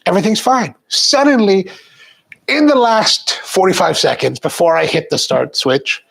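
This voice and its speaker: A man's voice: high voice, moderate pace, creaky, fairly bright tone, husky. A stuffed-up man hosting a casual live coffee show, chatting straight to his viewers. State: stuffed-up sinuses. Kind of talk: casual live-stream chat.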